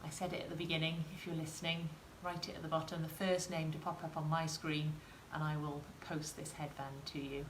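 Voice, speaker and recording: A woman's voice: low voice, little pitch movement, fairly quick, hardly any pauses, noisy background. A woman tutor giving a chatty live sewing demonstration and talking to her viewers. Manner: chatty, encouraging, talks to viewers in chat. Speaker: craft tutor. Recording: roomy echo, faint ambience.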